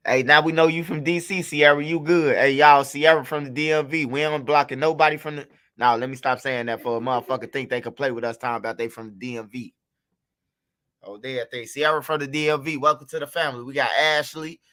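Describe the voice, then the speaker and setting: A man's voice: medium pitch, steady tone, fast talker, fairly bright tone. A man hosting a livestream, telling a story and talking straight to his chat in a loose, profane way. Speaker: livestream host. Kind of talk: casual livestream commentary.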